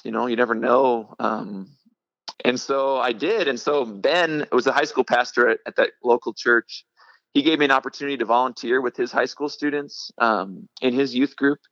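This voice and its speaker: A young man recounts his past in a casual interview. He talks haltingly, full of "um"s and restarts, and laughs now and then. The audio is dry and a little muffled. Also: medium pitch, fairly bright tone, no echo. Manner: halting, many fillers and restarts, laughs often. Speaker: middle school ministry director, guest.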